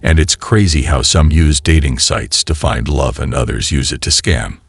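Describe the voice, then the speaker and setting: Deep-voiced man, husky, wry commentary narrator. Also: moderate pace. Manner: wry, moralizing asides. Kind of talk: reaction commentary.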